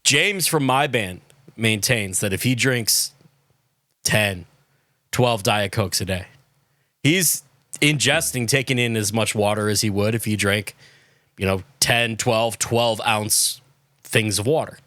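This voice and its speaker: A man with a lowish but bright, forward voice hosts the podcast. He poses mock-serious questions in a dry, close-miked sound. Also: slow, long pauses, no room sound. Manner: mock-formal, deadpan questions. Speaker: podcast host. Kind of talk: casual interview questions.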